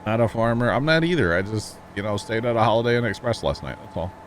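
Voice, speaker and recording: Casual male streamer, lowish voice, easygoing explainer who talks to chat. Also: animated, quick pace, a little hiss or hum. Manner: chatty, reads chat aloud, explains farming gear. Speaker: livestream host. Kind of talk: casual gameplay commentary.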